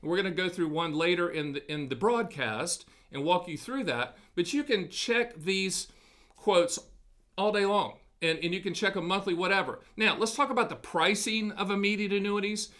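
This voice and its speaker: Bright, high-voiced man hosting. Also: normal speed. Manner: folksy, punchy, salesman banter. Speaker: host of an annuity live event. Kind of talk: energetic sales-education talk. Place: studio.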